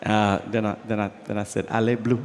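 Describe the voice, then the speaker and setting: A man co-hosting a live esports show, chatting in an animated, jokey way with frequent restarts. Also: fairly low pitch, fairly quick, in a large hall. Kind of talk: live esports studio chat.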